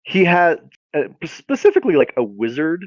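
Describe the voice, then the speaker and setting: A man's voice: a little high, huge pitch swings, a little fast, no echo, highs cut off. A man co-hosting a podcast, telling a comedic story in a rambling, casual way. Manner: rambling, lots of fillers and restarts. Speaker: podcast co-host.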